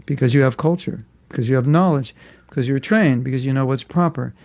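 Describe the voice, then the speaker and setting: A man leads a relaxed spiritual class, his voice dark and gravelly. He speaks conversationally, tossing in rhetorical questions and light asides. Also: mid-range voice, fairly quick, no echo. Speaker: spiritual teacher.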